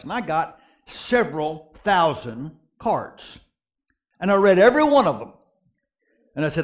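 A middle-aged man preaching a sermon as a pastor, telling stories with lively swings from quiet asides to excited peaks. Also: a little high, moderate pace, pauses often. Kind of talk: sermon with storytelling.

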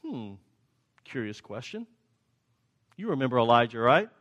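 A male pastor preaching a sermon, swinging between loud, raised questions and quiet, low answers as he acts out the exchange. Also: very animated, a little slow, big-room sound, lo-fi sound.

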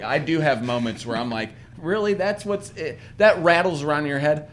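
A man co-hosting a podcast in casual chat, animated and swearing, mocking himself. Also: fairly high pitch, normal speed, hardly any pauses, slight background noise. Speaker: podcast co-host.

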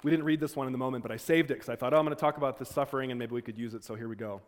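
A man's voice: mid-range voice, racing. Earnest male lecturer in a reverberant hall. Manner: earnest, conversational, frequent restarts. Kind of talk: lecture with personal storytelling.

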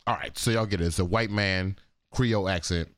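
A man's voice: deep voice, fairly even intonation, a little fast, fairly bright tone, no room sound, studio quality. A man hosting casual commentary on viral clips, talking in a laid-back, frank, slangy way. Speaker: commentator host.

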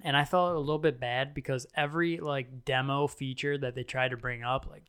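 A man's voice: medium pitch, fairly even intonation, moderate pace, fairly bright tone, clear, resonant tone. Chatty man co-hosting a podcast. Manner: loose, chatty anecdotes full of "like". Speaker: podcast co-host. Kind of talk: casual tech chat.

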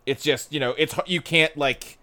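A man's voice: on the high side, moderate pace, sharp tone. A man co-hosting a podcast, chatting casually in an emphatic, joking way. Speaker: podcast co-host. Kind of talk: casual chat.

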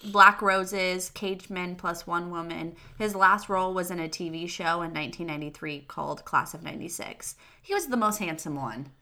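A woman's voice: lowish voice, normal speed, hardly any pauses, bright, forceful tone. A woman co-hosting a podcast, chatting casually and loosely working through her notes. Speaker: podcast co-host. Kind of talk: casual chat.

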